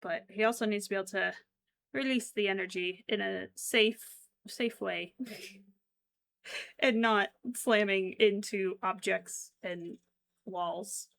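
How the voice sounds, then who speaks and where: A woman's voice: medium pitch, fairly even intonation, slow pace, vocal fry, fairly bright tone. A young woman chatting casually with her stream while crocheting, giggly and given to frequent exclamations.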